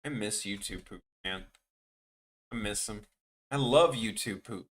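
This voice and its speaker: A man's voice: lowish voice, unhurried. A man chatting casually with viewers on his animation live stream, rambling and joking, often trailing off mid-sentence.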